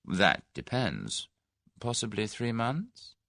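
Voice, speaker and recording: A suave, scheming businessman in middle age coaxes in measured tones, played by a male audiobook narrator. His low, gravelly voice moves through lively rises and falls, and the recording is close and dry. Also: dry recording, full character voice. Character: smooth, scheming middle-aged businessman, genial then menacing.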